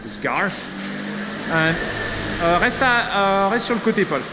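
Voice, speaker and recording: A man's voice: sits high, expressive, unhurried. A man from France with a French accent, chatting in a rambling way with many fillers while walking outdoors for his vlog. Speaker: vlogger. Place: outdoors on a town street. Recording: outdoor street traffic noise.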